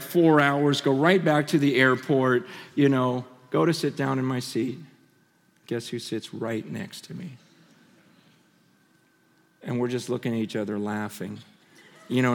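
Male preacher, high voice, impassioned sermon storytelling, long hall reverb. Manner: impassioned, swinging between loud and hushed. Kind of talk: sermon with personal stories. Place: large hall stage.

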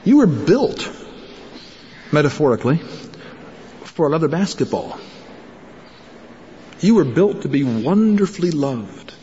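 A man's voice: on the high side, sing-song, measured pace, pauses often, mellow, long reverb tail, muffled recording, a little hiss or hum. A man giving an earnest talk to pastors, telling stories and acting out the voices of the people in them. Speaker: speaker addressing pastors. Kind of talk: conference talk with storytelling.

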